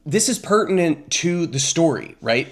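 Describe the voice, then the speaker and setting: A man's voice: fairly high pitch, sing-song, moderate pace. A man hosting a casual political reaction commentary, exasperated and chatty. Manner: exasperated, chatty, with frequent fillers.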